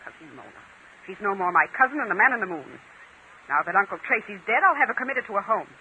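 An actress playing a haughty, scheming heiress in a 1940s radio drama, talking in an imperious, dismissive way. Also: female voice, mid-range voice, lively intonation, fast, phone-quality sound, slight background noise, natural voice.

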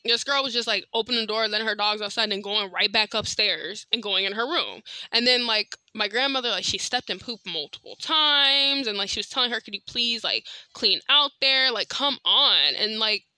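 A woman hosting a podcast, telling a story in a blunt, animated, slangy way straight to her listeners. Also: mid-range voice, a little fast, few pauses, clear, resonant tone, no echo. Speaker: podcast host. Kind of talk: casual storytelling monologue.

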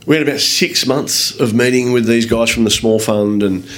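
A man with an Australian accent, a guest telling lively anecdotes in a casual interview, swearing freely and acting out other people's lines. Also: medium pitch, normal speed. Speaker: guest, business owner. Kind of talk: casual storytelling in a podcast interview.

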